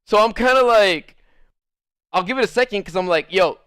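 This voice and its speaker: Young male streamer, casual rambling storyteller, slightly high, clear smooth tone. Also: normal speed, no room sound, clean studio sound. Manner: rambling, animated, full of "like" fillers. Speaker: livestreamer.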